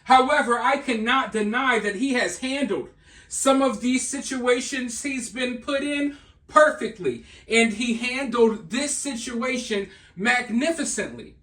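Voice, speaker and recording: A man's voice: very high-pitched, measured pace, fairly bright tone, roomy sound. A man from the South, hosting an opinionated political commentary monologue in an emphatic, scornful way, speaking straight to his viewers. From Southern United States.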